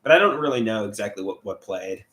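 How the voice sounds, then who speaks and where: A man chatting on a casual livestream, reading viewers' comments and answering them in a rambling way, often restarting words. His pitch moves around a lot as he talks. The voice carries the ring of an echoey room. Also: expressive, fast, fairly bright tone.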